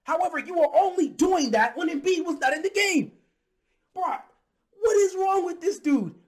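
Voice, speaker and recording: A man delivering a heated, exasperated fan rant about his basketball team, breaking into shouts. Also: extremely high pitch, expressive, normal speed. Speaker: sports commentator.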